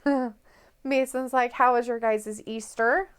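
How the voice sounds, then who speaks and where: A woman's voice: a little high, fairly even intonation, clear, resonant tone. A woman co-hosting a live stream, chatting casually, giggling often and reading viewer comments aloud. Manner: giggly, chatty, quick reactions.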